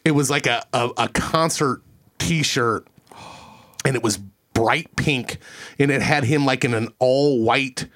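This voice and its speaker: A man's voice: mid-range voice, takes it slowly. A man hosting a studio podcast, telling a story casually, swearing freely and acting out the voices of the people in it. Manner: animated, profane, acts out quoted voices. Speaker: podcast host.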